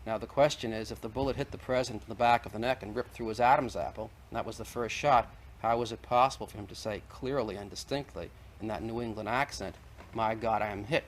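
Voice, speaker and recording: Pitched fairly low, this man talks fast with few pauses over a faint hiss or hum. He's a guest on an archival 1960s televised debate, arguing persistently and laying out his evidence point by point.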